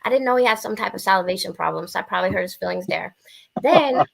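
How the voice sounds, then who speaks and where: Blunt, profane woman with a gravelly voice. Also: medium pitch, fast talker. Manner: blunt, profane, animated storytelling. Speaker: podcast guest. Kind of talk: casual podcast chat.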